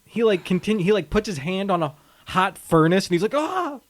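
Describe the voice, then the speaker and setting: A man co-hosting a movie podcast, retelling scenes in a casual, animated way and laughing often. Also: high voice, normal speed. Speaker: podcast co-host.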